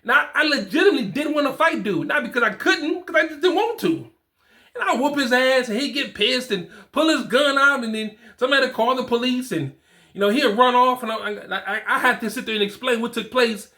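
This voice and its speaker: This fatherhood coach, a man in his 40s, gives blunt advice to camera in casual slang, repeating points to stress them. His voice is very high, animated and sharp-toned, and he talks fairly quickly.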